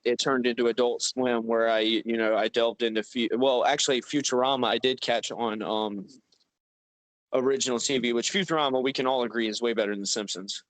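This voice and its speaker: A man's voice: medium pitch, fairly even intonation, brisk, dry recording, rough recording. A man co-hosting a casual comedy podcast, rambling and swearing with lots of fillers. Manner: rambling, profane, filler-heavy. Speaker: podcast co-host.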